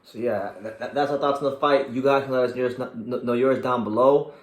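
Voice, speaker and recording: Animated man breaking down a fight. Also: medium pitch, moderate pace, roomy sound. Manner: animated, swears casually, stumbles and repeats words. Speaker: boxing show host.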